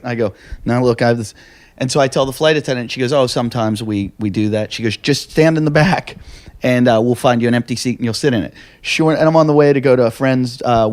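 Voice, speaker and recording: A man hosting a podcast who tells stories in a casual, comedic way, acting out the dialogue and swearing freely. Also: mid-range voice. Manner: animated, acts out quoted dialogue, swears freely.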